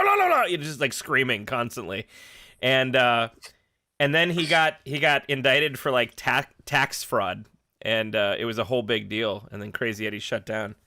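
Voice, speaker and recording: A man tells a loose story on a band's live stream, laughing between phrases. His voice is bright, and the sound is dry and close with no room around it. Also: medium pitch, no room sound. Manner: chatty storyteller, laughs often. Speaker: band member on a live stream. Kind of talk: casual chat.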